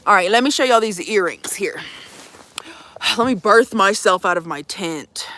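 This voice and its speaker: Sassy, lively young woman livestreaming. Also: mid-range voice, unhurried. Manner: swearing, teasing, sassy, addresses viewers as y'all. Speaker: vanlife livestreamer. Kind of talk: casual livestream chat. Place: lying in her van.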